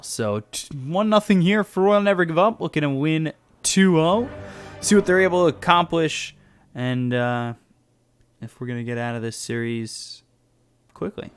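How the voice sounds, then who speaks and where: A man's voice: medium pitch, clear, resonant tone. A man, doing laid-back and chatty commentary on an esports match. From United States. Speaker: esports caster. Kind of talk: casual play-by-play commentary.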